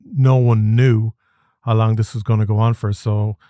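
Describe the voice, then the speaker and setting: Low, mellow-voiced man interviewing. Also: flat delivery, normal speed, dry recording, studio quality. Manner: brief prompts and follow-up questions. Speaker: podcast host. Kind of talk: casual interview.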